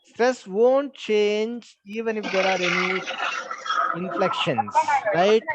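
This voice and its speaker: Patiently repeating himself and spelling words letter by letter, a man with an Indian English accent teaches an English class online. His high voice moves slowly, and the dull lo-fi recording is very noisy.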